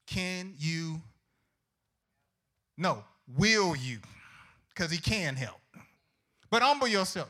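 A pastor preaching a sermon in a high, bright, forceful voice. He keeps the congregation involved with call-and-response questions. His delivery is folksy and humorous. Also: very animated, takes it slowly, long pauses. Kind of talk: sermon to young people.

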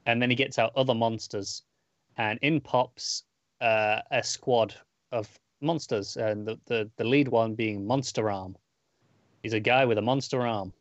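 A man's voice: on the low side, no echo, dull audio. A man co-hosting a comics podcast, recapping an issue in a loose, rambling way with lots of fillers and restarts. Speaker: podcast co-host reviewing comics. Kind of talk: casual chat.

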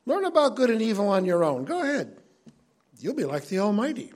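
A man's voice: sits high, wildly swooping pitch, brisk, a little mellow, pitched above the performer's own voice, exaggerated voice. A man putting on a wheedling devil serpent. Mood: coaxing. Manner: wheedling, urging. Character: coaxing tempting male devil serpent.

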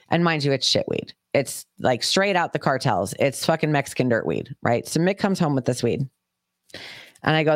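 A woman's voice: very deep voice, very animated, moderate pace, dry recording, studio quality. A woman podcast host telling a personal story in a casual, swearing, chatty way. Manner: profane, chatty, acts out quoted voices.

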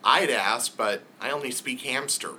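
A man's voice: measured pace, bright, forceful tone, a little hiss or hum. A man voicing a small talking male hamster companion in a tabletop game. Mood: chatty. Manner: squeaky, chirpy.

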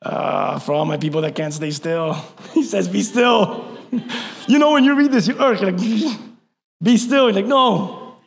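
High-voiced pastor preaching in a hall. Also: male voice, normal speed, vocal fry. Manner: animated preaching, swings from loud emphatic to hushed. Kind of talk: sermon.

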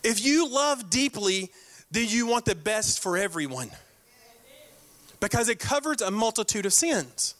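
High, bright-voiced preacher. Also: male voice, big pitch swings. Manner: emphatic, repeats key lines, slows to stress scripture; direct, playful jabs at the congregation. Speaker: pastor. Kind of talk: sermon.

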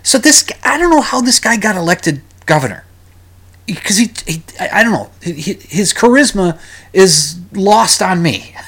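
A man's voice: high voice, sing-song, normal speed, fairly bright tone, husky. A man hosting a solo podcast, rambling and ranting with frequent restarts, sighs and exasperated groans. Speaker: podcast host.

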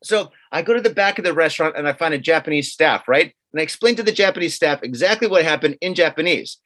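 A man with a voice on the high side talks fast as he co-hosts a podcast. He tells a story casually and animatedly, acting out what other people said, swearing now and then.

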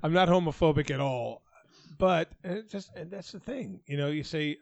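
A man's voice: on the high side, animated, moderate pace, vocal fry, a little mellow, no room sound, lo-fi sound. An older man, a podcast host, telling blunt, rambling stories in a casual chat.

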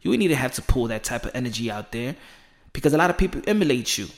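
A man's voice: medium pitch, sing-song, very fast. A man giving a casual, emphatic opinion commentary on boxing, rambling and rising into fired-up outbursts.

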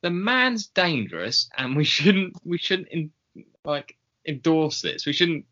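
A man with a bright, forward voice, co-hosting a casual podcast. He is wry and laughs often, and he gets animated when he makes a point. The audio is dull and lo-fi. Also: fairly high pitch, slow. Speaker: podcast co-host. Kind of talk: casual chat.

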